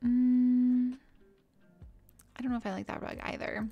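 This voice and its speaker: A young woman chatting casually with her live-stream audience, bubbly and easily excited as she browses and talks. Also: a little high, measured pace, highs cut off, faint music behind.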